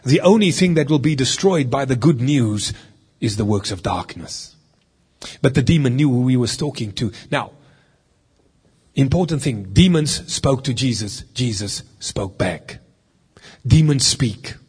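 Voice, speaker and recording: A man's voice: mid-range voice, expressive, measured pace, a little mellow, husky. A middle-aged man, a deliverance minister, giving a teaching sermon in an earnest, conversational way and reading from scripture as he goes.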